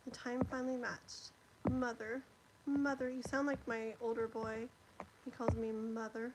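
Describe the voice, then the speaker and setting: A woman's voice: a little high, flat delivery, a little slow, noisy background. A woman hosting a live tarot stream, chatting casually and giggly as she reads out viewers' comments. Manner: giggly, bubbly, chatty, lots of "like". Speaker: tarot reader hosting a livestream. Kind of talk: casual livestream chat, reading comments aloud.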